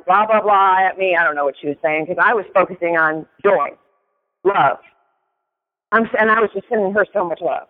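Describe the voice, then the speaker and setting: A man giving a motivational talk, telling a story with emphatic delivery and often asking "right?". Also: high voice. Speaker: motivational speaker. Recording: tinny phone-like sound with long reverb.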